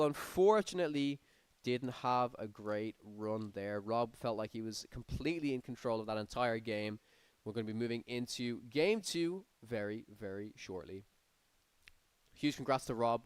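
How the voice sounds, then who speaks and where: Smooth-voiced man casting a card game. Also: mid-range voice, moderate pace, dry recording. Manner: energetic, rising excitement on big plays. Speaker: tournament caster. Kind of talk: live play-by-play commentary.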